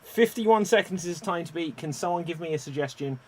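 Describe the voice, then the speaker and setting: A man hosting an online improv comedy show, animated and given to loud exclamations. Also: a little high, a little fast. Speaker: improv game host.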